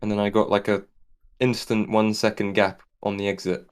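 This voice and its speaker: A man talking calmly in a casual post-race interview as the race winner, understated. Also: on the low side, moderate pace. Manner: calm, understated.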